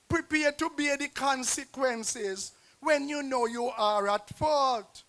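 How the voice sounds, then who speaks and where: A man with a Nevisian Creole accent performing a rhyming dialect poem as a guest poet, with a rhythmic delivery and dramatic swings in loudness. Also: very high voice, slow pace. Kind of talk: performance poetry recital. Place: outdoor stage at a festival square.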